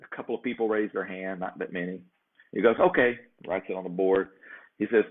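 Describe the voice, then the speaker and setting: A man's voice: low-pitched, a little fast. A man hosting a show, telling a long casual story and often tagging "right?" onto his sentences. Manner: rambling, peppers sentences with "right?". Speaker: show host. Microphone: checks own sound setup. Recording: phone-like narrow sound.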